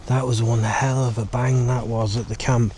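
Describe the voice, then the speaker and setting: A man vlogs alone outdoors in the woods, talking into a handheld camera in a hushed, jumpy, rambling way. His pitch is ordinary for a man. Faint outdoor noise hangs under the recording. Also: level tone, normal speed. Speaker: paranormal investigator vlogger. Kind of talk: casual vlog commentary.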